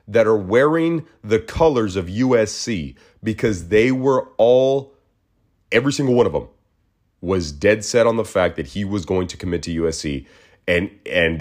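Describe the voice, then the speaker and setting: A man hosting his own podcast, talking alone in a casual, rambling way and acting out quoted voices. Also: lowish voice. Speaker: podcast host. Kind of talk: casual solo monologue.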